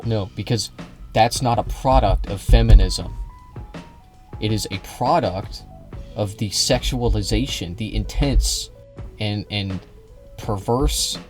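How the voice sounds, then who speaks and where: A man speaks in a low voice at a very slow, drawn-out pace, sarcastic and halting. He reacts to a clip over faint background music.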